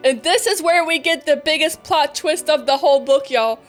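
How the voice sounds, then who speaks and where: A young woman vtuber hosting a casual book podcast, her voice a touch high. She retells the plot with gossipy energy, casual swearing and quick acted quotes. Soft music plays faintly beneath. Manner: animated storyteller, swears casually, acts out dialogue. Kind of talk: casual book recap chat.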